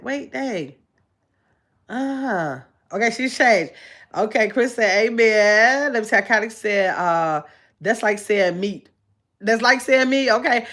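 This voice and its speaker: A middle-aged woman hosting a casual livestream, chatting easily and reading viewer comments aloud with frequent pauses to look. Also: medium pitch, fairly bright tone. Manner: chatty and easygoing, with frequent "let me see" pauses while reading. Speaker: channel host.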